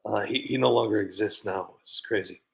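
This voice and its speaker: A man's voice: lowish voice, brisk, vocal fry, breathy edge. A man chatting casually on a livestream, telling a rambling sarcastic story. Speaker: streamer.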